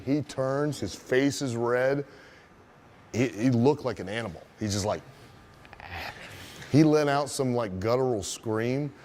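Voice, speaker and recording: Slight background noise sits behind a man with a medium-pitched voice. He's a wrestling trainer turning a story into a lesson, cursing and animated, asking rhetorical questions of whoever's listening.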